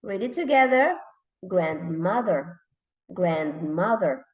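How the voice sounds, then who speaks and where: Thai-accented woman teacher drilling pupils, unhurried; lo-fi, echoey classroom recording. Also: lowish voice, animated. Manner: repeats words slowly to drill them. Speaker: English teacher. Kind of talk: classroom lesson for young learners. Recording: dull, roomy, recorded from a distance.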